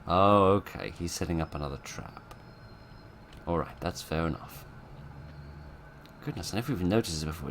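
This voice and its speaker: A man commentates his own horror game playthrough. He rambles, mocks himself and jokes drily. Clear background noise runs under his desk mic. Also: sits low, lively intonation, fairly quick, long pauses, fairly bright tone. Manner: self-mocking, rambling, dry humour. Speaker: gameplay commentator. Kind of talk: let's play commentary. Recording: noisy background.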